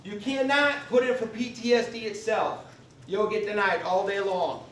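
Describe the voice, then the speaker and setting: A man's voice: high-pitched, fairly even intonation, normal speed, fairly bright tone, distant mic, slight background noise. A man presenting a live class on veterans benefits, folksy and emphatic, often checking in with "okay?". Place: convention meeting room. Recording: echoey room recorded from afar.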